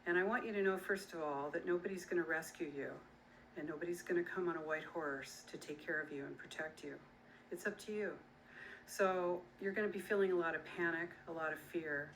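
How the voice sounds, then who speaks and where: A middle-aged woman speaks straight to her listeners in an earnest, emphatic way. Her voice sits a little low, yet it sounds bright and forceful, with a faint hum of noise behind it. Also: a little fast, low-quality recording. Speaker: author and activist. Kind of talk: direct-to-camera talk.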